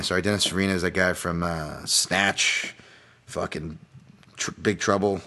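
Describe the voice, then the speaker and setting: Rambling low-voiced male podcast host. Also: normal speed, a bit bright. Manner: rambling, self-deprecating, many fillers and restarts. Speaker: podcast host, fight analyst. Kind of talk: casual solo podcast breakdown.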